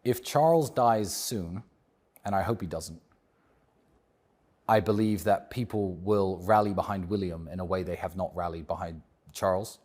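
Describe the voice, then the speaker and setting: A British-accented man speaks as an interview guest, his voice sitting low with a husky, slightly rough edge. He talks in a measured, reflective way but does not hold back his opinions. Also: darkish tone. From England. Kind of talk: casual interview talk.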